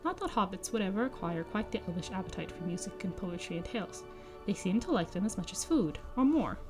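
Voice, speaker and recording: A woman reading the lines of a spry, sharp-tongued elderly male hobbit poet, cheeky and snarky. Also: mid-range voice, big pitch swings, a little fast, over music, close to an everyday voice. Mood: cheerful. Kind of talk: audiobook-style reading of dialogue.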